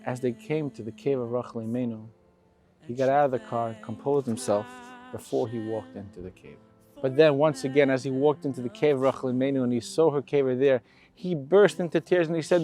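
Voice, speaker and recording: A man tells a moving story in an earnest, building way, his voice at an ordinary middle pitch. Quiet music plays softly beneath his voice. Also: a little fast. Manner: emotional, rising intensity on quotes. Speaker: storyteller for a charity. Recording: faint background music.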